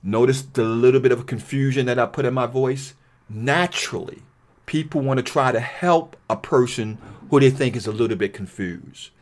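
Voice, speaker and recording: A man's voice: medium pitch, moderate pace. Man, trainer, training video, conversational delivery, reads phone scripts aloud. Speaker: real estate investing trainer.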